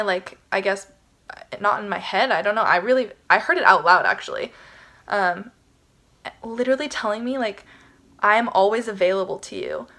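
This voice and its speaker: A young woman vlogging, telling a personal story in a casual, animated way, often saying "like," laughing, and sometimes dropping to a hushed whisper. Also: a little high. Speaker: spiritual vlogger.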